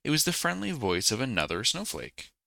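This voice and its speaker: A man reading a bedtime story aloud, calm and gently expressive. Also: mid-range voice, brisk, gravelly, no room sound.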